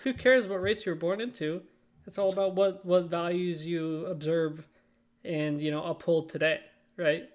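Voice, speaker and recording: A man's voice: fairly high pitch, fairly even intonation, normal speed. A man co-hosting a podcast in casual chat, talking in a profane, rambling and argumentative way. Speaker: podcast co-host.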